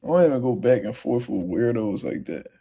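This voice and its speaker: Reading and responding to viewer comments on his casual livestream, this young host is profane and relaxed until things get heated. He talks a little fast at medium pitch, expressive, with a dark, slightly rough tone.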